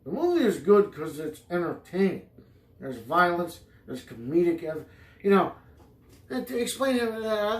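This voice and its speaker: A man's voice: sits high, big pitch swings, normal speed. Profane rambling podcast man, echoey room. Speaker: podcast host. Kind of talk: rambling improvised comedy monologue.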